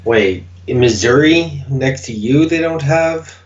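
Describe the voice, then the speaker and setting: A man's voice: medium pitch, takes it slowly. A man chatting casually as co-host, laid-back and brief in his replies. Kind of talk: casual chat. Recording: slightly dull mic with faint hiss.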